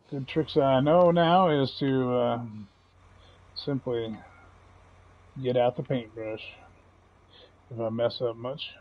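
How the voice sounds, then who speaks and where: A man's voice: medium pitch, dull audio. A man giving casual, folksy commentary while playing a farming game, chatty and chuckling often. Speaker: gaming channel host.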